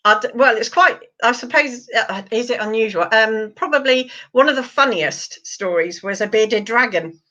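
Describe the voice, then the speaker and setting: A woman's voice: a little high, normal speed, hardly any pauses. A woman, an animal communicator answering interview questions in a chatty storytelling way. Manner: chatty, lively storyteller, full of fillers. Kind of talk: interview guest telling anecdotes. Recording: slightly muffled lo-fi sound.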